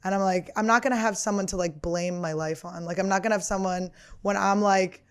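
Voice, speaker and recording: A woman's voice: mid-range voice, fairly even intonation, fairly quick, clean tone. A woman in her thirties hosting a podcast, riffing through a casual comedic monologue in a crude, rambling, profane and self-mocking way. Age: 30s.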